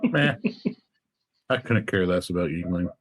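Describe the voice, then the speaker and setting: A man's voice: low voice, expressive, unhurried. A man guesting on a podcast, throwing in crude wisecracks during casual chat. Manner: crude, wisecracking one-liners.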